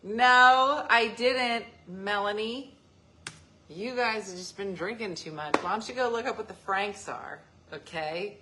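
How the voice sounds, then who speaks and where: A woman's voice: medium pitch, normal speed, noisy background. A woman hosting a casual live stream, joking and teasing as she answers viewer comments. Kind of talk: casual chat.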